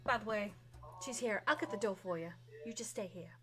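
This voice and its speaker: A woman playing a gentle, protective vampire companion. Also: medium pitch, brisk, over music, lightly acted. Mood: soothing.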